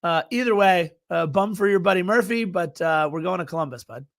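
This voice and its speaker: A man co-hosting a soccer podcast, talking in an excitable, energetic way. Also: high voice, fairly quick, creaky. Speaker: podcast co-host. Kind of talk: casual podcast chat.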